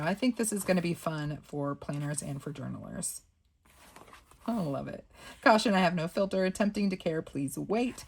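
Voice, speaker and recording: A woman, casually flipping through sticker books and reading the quotes aloud with playful sass and frequent laughs. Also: on the low side. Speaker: planner and sticker channel host.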